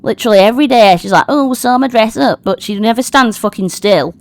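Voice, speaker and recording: A woman's voice: a little high, fast talker, pitched above the performer's own voice, lightly acted. Woman doing a grumpy sweary goblin man. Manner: crude, grumbling, swearing. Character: grumpy sweary male goblin, lazy and fed up.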